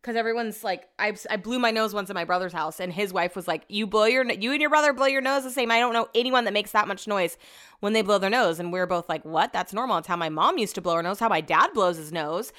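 With a mid-range, fairly bright voice, a young woman talks fast on her solo podcast. Her monologue is a chatty, rambling story packed with "like," plus an occasional swear word.

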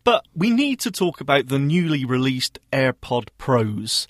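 A man's voice: medium pitch, big pitch swings, unhurried, a crowd in the background. A man co-hosting a tech radio show in casual chat, teasing his partner and laughing often. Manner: jokey, teasing banter with frequent laughs.

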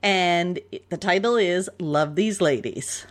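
A woman's voice: medium pitch, animated, unhurried, fairly bright tone. A Canadian woman co-hosting a podcast in casual chat, chatty and laughing often. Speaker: podcast co-host.

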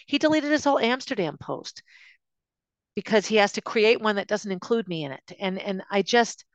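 A woman's voice: medium pitch, animated, moderate pace, no echo, dull audio. Woman host, personal storytelling monologue, emotional and confiding, dry close sound. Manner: emotional, confiding, with frequent restarts. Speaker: podcast host recounting her own life.

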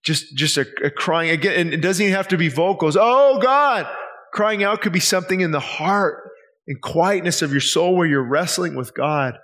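Man, pastor, higher-pitched, earnest, pleading, preaching a sermon. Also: brisk, a bit bright. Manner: earnest, pleading, many rhetorical questions. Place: church service.

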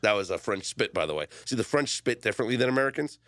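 A man's voice: fairly low pitch, rapid-fire, dry recording. A man hosting a sports radio show, joking and bantering with his co-hosts in a studio. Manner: joking, animated, reads quotes aloud. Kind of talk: casual sports talk banter. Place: radio studio in Las Vegas. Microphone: studio microphone.

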